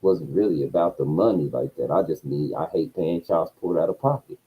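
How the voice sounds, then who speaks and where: A man telling a profane story in a casual rant, his voice swinging between low mutters and loud outbursts. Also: a little fast, husky, phone-quality sound. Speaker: streamer.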